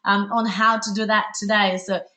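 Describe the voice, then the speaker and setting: A woman from Italy with an Italian accent, hosting a live webinar in a fast, bubbly, chatty way with many fillers. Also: medium pitch, level tone, sharp tone. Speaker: webinar host.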